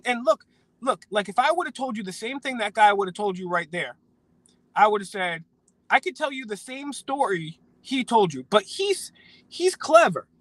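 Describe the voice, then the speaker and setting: A man's voice: high-pitched, fairly bright tone, dry recording, low-quality recording. An American man co-hosting a live stream, ranting indignantly about politics with repeated words and stumbling restarts.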